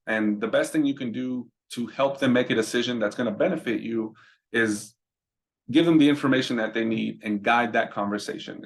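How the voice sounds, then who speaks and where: A man's voice: medium pitch, creaky. A man giving casual instructional talk on answering business calls, conversational and full of repeated "right?" checks. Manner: conversational, repeats words, asks "right?" often. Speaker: roadside business trainer.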